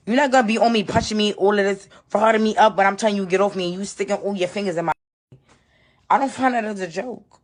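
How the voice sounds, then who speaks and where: A woman's voice: medium pitch, fast talker. A woman recounting an ordeal on a live video, upset and insistent, repeating her points.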